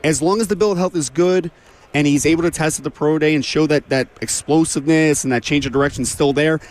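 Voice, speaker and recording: A man, a draft analyst guest on a sports radio show, talking quickly and a little hoarse from losing his voice, often correcting himself mid-sentence. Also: on the high side, darkish tone. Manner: fast, thinking aloud, frequent self-corrections.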